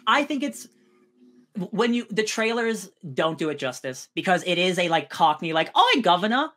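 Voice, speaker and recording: A man co-hosting a podcast, reviewing a show in casual chat, talking quickly with lots of fillers and quick mock voices. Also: high voice. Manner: fast, animated, filler-heavy, drops into mock voices. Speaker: podcast co-host.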